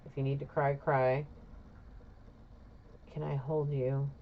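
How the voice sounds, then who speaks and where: A gentle, nurturing woman soothes and reassures her partner, spoken by a woman reader in her own low voice. The recording sounds dull and lo-fi. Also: little pitch movement, slow pace, a little hiss or hum, heavily acted. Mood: soothing.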